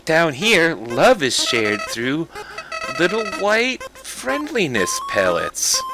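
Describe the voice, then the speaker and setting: A man doing a cheery talking flower with a high, sugary, sing-song lilt that hides a sly streak. The pitch leaps all over, and game music plays behind. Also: big pitch swings, slow, poor audio. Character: cheery two-faced flower, turns menacing.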